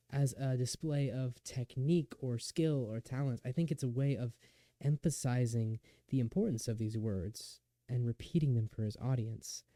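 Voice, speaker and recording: Young man, lecture narration, earnest and measured, very warm dark tone, dry close sound. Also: medium pitch, dry recording. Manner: earnest, measured, with occasional restarts. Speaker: student lecturer.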